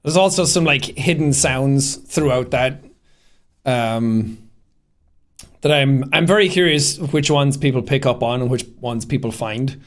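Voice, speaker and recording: Unhurried and mid-range in pitch, a man casually walks through how he made his short film. The commentary on his own work meanders, packed with filler words and frequent laughter.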